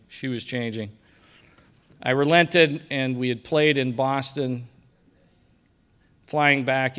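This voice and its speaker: A middle-aged man giving a personal faith testimony at a breakfast event, telling his story and dropping quiet for quoted lines. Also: mid-range voice, smooth. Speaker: guest speaker sharing testimony. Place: banquet hall at a breakfast event.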